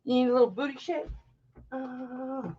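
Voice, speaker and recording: A woman's voice: sits high, fairly even intonation, normal speed, warm tone, dull audio, slight background noise. A middle-aged woman hosting a live-stream jewelry auction, chatting casually and rambling playfully through stories.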